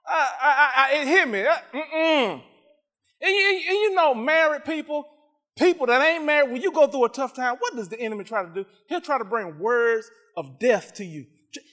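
High-voiced preacher man telling a story, lively, repeats himself a lot. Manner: animated, stammers and repeats, laughs at himself. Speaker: pastor. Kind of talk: sermon storytelling.

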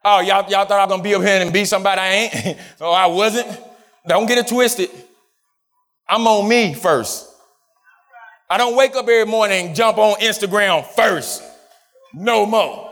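A man's voice: high voice, normal speed, a bit bright, big-room sound, faint music behind. A man preaching a sermon, emphatic, repeating his phrases for the congregation.

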